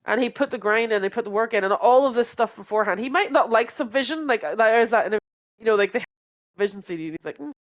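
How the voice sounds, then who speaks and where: A woman's voice: fairly high pitch, fast talker. Rambling, giggly woman fan. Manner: rambling, many fillers and restarts, laughs often. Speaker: podcast co-host. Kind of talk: casual fan chat.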